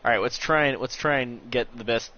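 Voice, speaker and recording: A man's voice: fairly quick, bright, forceful tone. A young man casually commenting on a game as he streams it, joking, sarcastic and swearing freely. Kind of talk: casual let's-play commentary. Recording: muffled low-quality stream audio with faint hiss.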